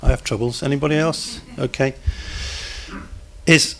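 A man's voice: mid-range voice, steady tone, normal speed, gravelly, slight background noise. Conversational male preacher. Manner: conversational, asks the congregation questions, jokes. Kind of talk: sermon.

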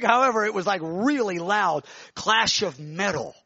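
A man preaching, telling a vision in an animated, emotional way with many restarts. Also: high voice, normal speed, dry recording, dull audio. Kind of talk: sermon testimony, telling a vision.

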